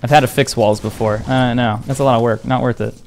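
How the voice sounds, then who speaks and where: A man's voice: medium pitch, fairly even intonation, quick pace, gravelly, a little mellow, soft background music. A young man streaming a game, talking casually to his viewers in a blunt, defensive, profane way. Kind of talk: casual live-stream chat.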